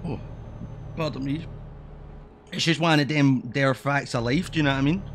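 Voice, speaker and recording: A man's voice: mid-range voice, fairly even intonation, normal speed, slight background noise. A man giving casual, rambling commentary while playing a driving game, swearing freely as he chats. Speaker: streamer.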